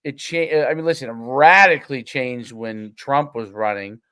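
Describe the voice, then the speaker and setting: A man on a casual podcast, giving his opinions in a measured way. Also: mid-range voice, bright, forceful tone, smooth. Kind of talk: casual chat.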